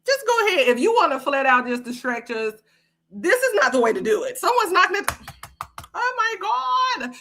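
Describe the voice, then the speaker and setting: A woman's voice: very high-pitched, very animated, moderate pace, pushed and bright, a little hiss or hum. A woman hosting a livestream podcast, giving blunt, sassy commentary that is full of profanity. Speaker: podcast host.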